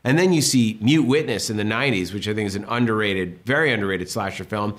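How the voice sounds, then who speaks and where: A man's voice: on the low side, fast talker. Enthusiastic male film director. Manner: animated, enthusiastic storytelling. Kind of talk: casual interview talk.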